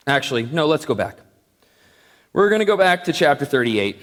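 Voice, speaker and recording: Animated male Bible teacher in an echoey hall. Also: a little high, normal speed. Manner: conversational, joking, animated. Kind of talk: Bible lesson.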